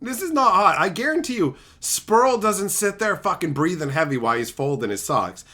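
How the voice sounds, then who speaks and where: A man's voice: high-pitched, very animated, normal speed, few pauses, sharp tone. A man live-streaming, talking crudely and rowdily as he mocks his chat. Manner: crude, rowdy and mocking. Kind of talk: casual live-stream banter.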